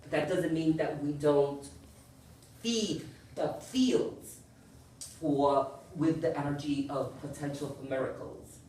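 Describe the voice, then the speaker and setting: A woman's voice: low voice, slow pace, mellow, a little hiss or hum. Echoey, distant woman giving a spiritual talk. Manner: earnest, keeps checking in with "yes?" and "you know". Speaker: spiritual teacher. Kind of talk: spiritual lecture to a group. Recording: very echoey room, far from the mic.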